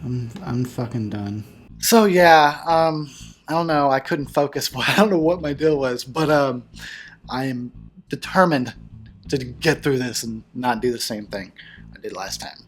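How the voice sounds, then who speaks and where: A man's voice: mid-range voice, unhurried, faint music behind. A man hosting his own video channel, chatting casually in a loose, profane, self-mocking way. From United States. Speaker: horror channel host. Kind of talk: casual vlog chat.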